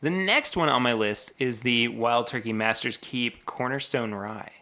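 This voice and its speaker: A man's voice: mid-range voice, measured pace, sharp tone. A man co-hosting a podcast, chatting casually and upbeat, listing product details. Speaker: podcast co-host. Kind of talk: casual chat.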